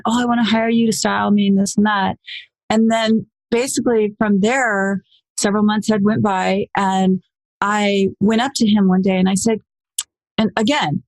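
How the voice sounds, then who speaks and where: A woman in her forties, a podcast guest, telling her story in a lively, casual way and acting out the voices she quotes. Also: dry recording. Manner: animated, acts out quoted voices with pitch jumps.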